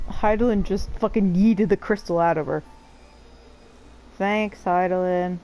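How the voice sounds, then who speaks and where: A woman streamer chats casually over her gameplay, swearing freely and joking along the way. Her voice sits at a middling pitch. A faint hiss runs under it. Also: fairly even intonation, mellow, rough recording. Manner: playful, swearing, quick to laugh.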